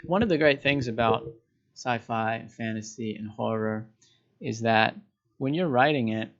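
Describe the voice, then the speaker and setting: A male teacher in a casual recorded lecture, chatty and relaxed as he explains to students. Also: medium pitch, normal speed. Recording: dull lo-fi recording.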